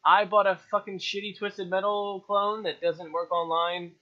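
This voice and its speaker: An animated man co-hosts a casual gaming chat in a high, bright voice. He swears freely and laughs often. The sound is dull and lo-fi, from a cheap test microphone. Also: normal speed. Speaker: podcast co-host.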